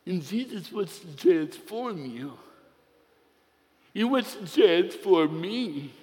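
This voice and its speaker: A man's voice: sits high, lively intonation, slow, a little mellow. A man preaching a sermon, telling a personal story with playful humor before turning to scripture. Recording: long reverb of a large hall.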